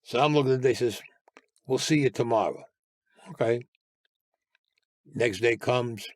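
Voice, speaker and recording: A man's voice: medium pitch, measured pace, dry recording, clean studio sound. An older man with a New York Italian-American accent, telling his life story as a guest, bluntly and with swearing, acting out the voices of others. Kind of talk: animated storytelling with quoted dialogue.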